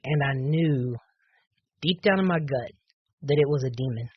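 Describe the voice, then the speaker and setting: Husky man telling an earnest testimony. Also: medium pitch, moderate pace, muffled recording. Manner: earnest storytelling with many fillers and restarts. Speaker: podcast guest. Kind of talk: personal testimony.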